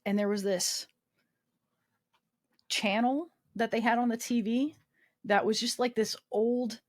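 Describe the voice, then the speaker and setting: A woman's voice: on the high side, fairly even intonation, a little slow. A woman in her twenties, a guest on a podcast, telling a personal story candidly with self-mocking humor, swearing and lots of fillers. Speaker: podcast guest, army veteran.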